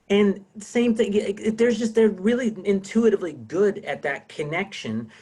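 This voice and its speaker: Husky man teaching an online class. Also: a little high. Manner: rambling, many restarts, conversational. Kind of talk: casual online class lecture.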